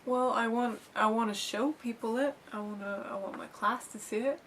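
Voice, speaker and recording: A woman's voice: fairly high pitch, moderate pace, a bit bright, slight background noise, poor audio. A woman co-hosting a casual film review chat, talking in a playful, chatty way with lots of fillers. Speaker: co-host.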